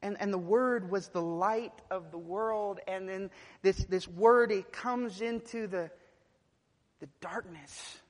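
A male preacher delivering a sermon to a congregation. His voice rises from near-whispers to forceful, climbing peaks of emphasis. The sound carries a long, reverberant hall tail around every phrase. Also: sits high, takes it slowly. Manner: builds from hushed to loud and emphatic.

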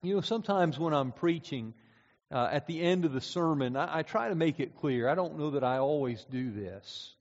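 A man preaching a sermon, measured and deliberate, slowing down to stress key words. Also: on the high side, animated, darkish tone. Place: church auditorium. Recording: dull recording in a reverberant hall.

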